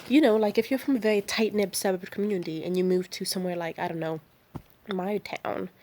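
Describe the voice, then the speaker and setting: A woman's voice: medium pitch, fairly even intonation, a little fast, a little mellow, a little hiss or hum. A tired woman from the San Francisco Bay Area, ranting late at night in a heated, profane, rambling way. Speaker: vlogger.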